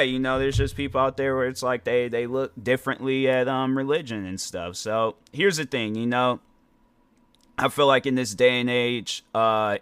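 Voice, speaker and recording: A man's voice: medium pitch, fairly bright tone, clean tone, no echo. A tired young man hosting his own podcast, talking casually and rambling, often stumbling over his words. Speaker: podcast host. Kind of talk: casual solo podcast monologue.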